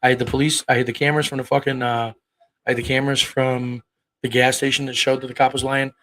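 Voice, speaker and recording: Thirties guy chatting on a livestream, swears a lot, blunt and rambly, mid-pitched voice. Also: level tone, quick pace, fairly bright tone, rough recording. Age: 30s. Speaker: livestream host. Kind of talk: casual livestream chat.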